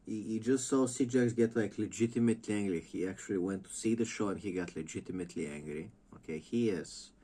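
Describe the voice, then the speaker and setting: Low-pitched man, slow profane rambling rant for a wrestling vlog. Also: warm tone, slightly rough. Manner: rambling, mocking, lots of filler and restarts. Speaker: wrestling commentary vlogger.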